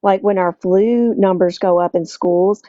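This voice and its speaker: A woman's voice: mid-range voice, steady tone, unhurried, mellow, no echo, highs cut off. A woman with a Southern US accent, a teacher from Tennessee, asking a long, rambling question full of fillers on a live stream.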